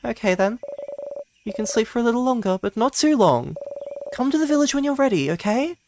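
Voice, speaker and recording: Man playing a perky young woman companion, teasing, high sing-song, hissy home mic. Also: expressive, a little fast, a little mellow. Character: cheerful, chatty young woman friend.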